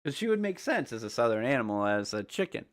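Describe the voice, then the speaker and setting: A man's voice: medium pitch, sing-song, fast talker. A young man explaining game theories in a casual, rambling way, often checking in with the listener. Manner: rambling, conversational, often asks "right?". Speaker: YouTuber.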